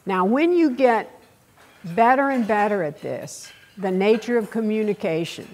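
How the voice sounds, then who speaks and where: An older woman with a Texas accent giving a keynote speech, telling blunt, salty stories with dramatic pauses. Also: mid-range voice, expressive, darkish tone. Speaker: keynote speaker.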